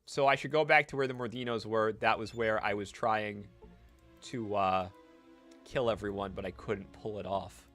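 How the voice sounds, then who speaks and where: Bright-voiced streamer muttering wry asides. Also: male voice, lowish voice, steady tone, normal speed, faint music behind. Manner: casual, wry asides to chat. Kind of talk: live game stream, reading dialogue aloud.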